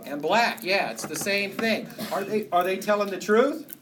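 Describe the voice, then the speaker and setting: A man's voice: sits high, moderate pace, crowd noise. A man lecturing a university biology class, joking and asking the students questions. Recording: echoey hall from far off, noisy.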